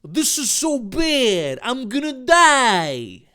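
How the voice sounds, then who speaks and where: Man doing whiny high-pitched kid trainer, drawn out and dramatic. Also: very animated, very slow, fairly bright tone, exaggerated voice.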